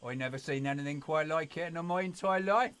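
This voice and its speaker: A man's voice: on the high side, brisk, a bit bright, smooth, pitched above the performer's own voice, natural voice. A man voicing a blunt old male butler with a West Country accent. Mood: gruff relief. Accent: West Country English.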